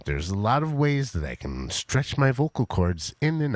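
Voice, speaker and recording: A man hosting a casual live stream from his home fish room, rambling to his chat with fillers and restarts in a flat, monotone voice. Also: medium pitch, normal speed, dry recording.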